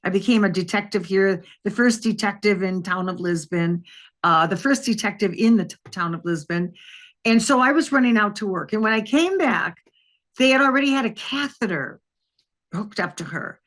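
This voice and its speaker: A woman's voice: mid-range voice, moderate pace. An older woman from Wisconsin, a retired detective, telling a long personal story in an interview and acting out the voices of the people in it. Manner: lively anecdotal telling, acts out quoted voices.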